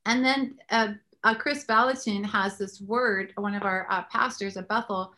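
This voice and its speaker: Bright, animated woman host. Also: medium pitch, normal speed. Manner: animated storyteller, prays aloud. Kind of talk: faith talk show interview.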